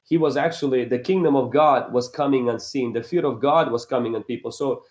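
A man's voice: medium pitch, brisk, darkish tone, echoey room. A male pastor speaking as a guest, building emphatic points in an earnest preaching style.

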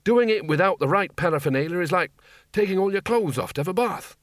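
A man's voice: sits high, animated, fast talker, dry recording, studio quality, voice pushed up. A man voicing a fussy, sarcastic older wizard in an audiobook, prissy about standards. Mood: sneering.

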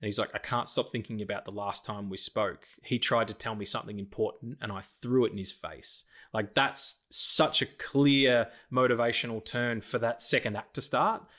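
Animated sweary man on a podcast. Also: lowish voice, moderate pace, hardly any pauses. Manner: animated, sweary, quotes lines from films. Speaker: podcast co-host. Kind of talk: casual chat.

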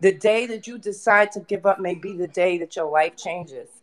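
Woman host, preachy and energetic, casual live-chat talk. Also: fairly low pitch, moderate pace. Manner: energetic, preachy, with frequent fillers and laughs.

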